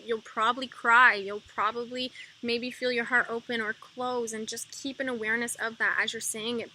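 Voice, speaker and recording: Woman, spiritual energy reader, very bright and high-ish voice, chatty and rambling, faint hiss behind. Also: rough recording. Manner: rambling, filler-heavy; soft repetitive mantra chanting. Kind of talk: casual spiritual monologue.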